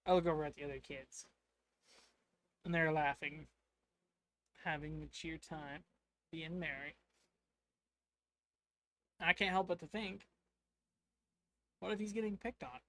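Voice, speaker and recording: A man's voice: a little high, steady tone, a little slow, pauses often, fairly bright tone, a little hiss or hum. A man casually retelling a tabletop adventure to his stream chat, rambling and playful. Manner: rambling, playful, acts out lines. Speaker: streamer recounting a game.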